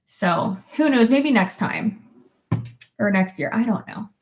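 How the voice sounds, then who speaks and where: A woman's voice: medium pitch, lively intonation, measured pace. A woman in her thirties chatting casually with her viewers, laughing often and swearing now and then. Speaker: vlogger reading viewer comments. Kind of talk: casual chat.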